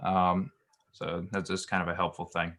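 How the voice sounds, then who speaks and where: Low-voiced man teaching Hebrew grammar. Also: normal speed. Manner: relaxed, explanatory, many ums and restarts. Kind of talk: online grammar lesson.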